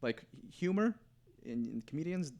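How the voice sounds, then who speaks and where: A man's voice: fairly high pitch, lively intonation, normal speed, darkish tone. A man in casual podcast chat, rambling and hesitant, restarting his sentences often.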